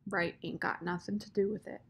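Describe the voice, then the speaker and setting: A woman's voice: medium pitch, lively intonation, measured pace, fairly bright tone. A woman voicing a plainspoken older woman who talks in folksy dialect and sets others straight firmly. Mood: stern. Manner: folksy dialect, firm and matter-of-fact.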